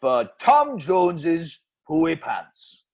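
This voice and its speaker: A brash showman crooner with a thick Welsh accent, as a man puts him on for a spoof advert. He booms and swings his pitch around, pushing every line like a stage act. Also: wildly swooping pitch, very slow, heavily acted. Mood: hammy. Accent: Welsh, put on. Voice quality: exaggerated, booming showman delivery.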